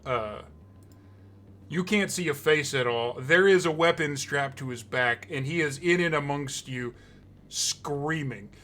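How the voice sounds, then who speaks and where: Man narrating a tabletop game softly. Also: on the high side. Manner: slow, hushed, deliberate narration. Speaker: game master.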